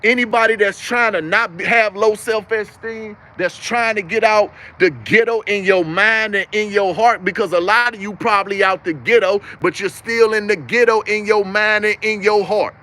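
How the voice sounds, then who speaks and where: Man, high-pitched voice, young adult, preachy and emphatic, repetitive, livestream monologue. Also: moderate pace, few pauses, bright, forceful tone. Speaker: livestream host. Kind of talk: impassioned live-stream monologue.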